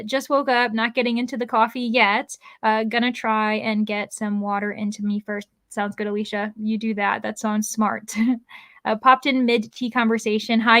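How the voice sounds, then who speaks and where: Slightly high and fairly bright in tone, this woman's voice carries no echo. As a livestream host, she keeps things casual, reading viewer comments out loud and chatting with lots of laughs and frequent "like"s.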